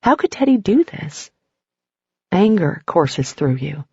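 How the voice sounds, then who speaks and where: Casting: woman narrator, husky and gravelly, measured second-person telling, dull dry recording. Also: on the low side, very animated, a little mellow, no room sound. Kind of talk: scripted story narration.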